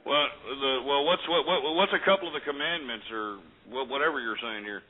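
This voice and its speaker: A man from Texas hosting a call-in radio show, ranting loudly and profanely and ending lines with "all right?". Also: medium pitch, fairly quick. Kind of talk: brash call-in talk radio. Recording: phone-like lo-fi audio.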